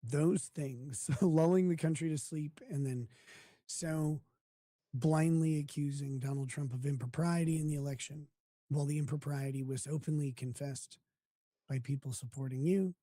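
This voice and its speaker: A man's voice: fairly high pitch, steady tone, normal speed, mellow, no echo. A man hosting a live stream, chatting casually with a crude, mocking manner and frequent laughter. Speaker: streamer host.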